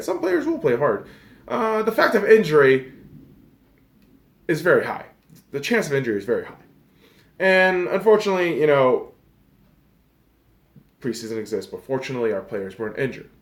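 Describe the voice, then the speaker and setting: A man hosting a podcast, ranting casually and profanely about sports, sarcastic, dropping to a mutter and then flaring into loud outbursts. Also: mid-range voice, echoey room. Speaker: podcast host.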